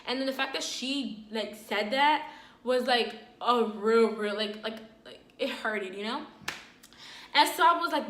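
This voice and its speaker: Woman, storytime vlog, animated and filler-heavy, bright voice, roomy echo. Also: fairly high pitch, measured pace. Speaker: storyteller, vlogger.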